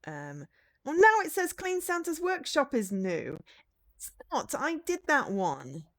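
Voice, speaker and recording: A woman's voice: high voice, huge pitch swings, a little slow. A woman game streamer chatting casually with her viewers, rambling with lots of fillers and easy laughs. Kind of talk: casual gameplay chat.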